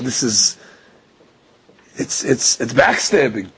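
A man's voice: a little high, lively intonation, unhurried, vocal fry, pauses often, breathy edge, low-quality recording. A man giving a religious lecture, telling stories with animation and acting out the dialogue. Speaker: Torah teacher.

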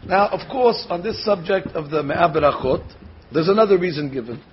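A man giving a Torah class as a rabbi, animated, slowly sounding out words to show how they should be said. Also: high voice, a little hiss or hum. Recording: dull lo-fi recording.

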